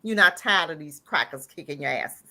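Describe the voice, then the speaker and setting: On a live talk show, a woman caller goes off in a heated, emphatic rant that keeps circling back to the same lines. Her voice is animated, bright and forceful at a moderate pace, and she bursts into laughter before climbing to a pitch close to crying.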